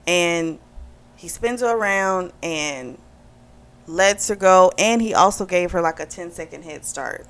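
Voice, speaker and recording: Lowish-voiced woman retelling a book plot. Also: a little slow, smooth. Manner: animated retelling with quoted dialogue. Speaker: book reviewer. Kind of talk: casual book review chat.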